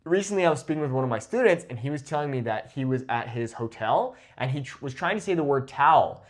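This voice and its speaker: A man who teaches Spanish, talking to camera in a lively, informal way, often checking in with "okay?" and "right?". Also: medium pitch, fast talker, few pauses.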